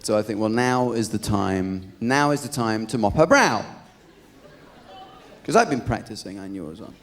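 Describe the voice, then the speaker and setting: A man with an English accent doing a live stand-up routine on a theatre stage, telling stories in a dry, deadpan way. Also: on the low side, moderate pace. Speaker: stand-up comedian. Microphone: stage microphone. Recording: live theatre recording with crowd and noise. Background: audience laughter.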